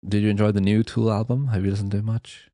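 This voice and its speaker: A man's voice: lowish voice, little pitch movement, quick pace, dark tone, no room sound, clean studio sound. A man from Wales hosting a podcast, chatting casually and rambling with fillers. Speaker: podcast host.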